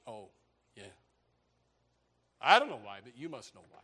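An older man preaching a sermon, animated and joking, with bursts of shouting. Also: mid-range voice, normal speed. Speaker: pastor.

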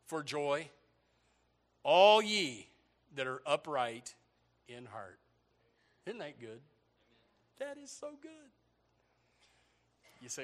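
An older man preaching a sermon, animated and joking, with bursts of shouting. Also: a little high, slow, pauses often. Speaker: pastor.

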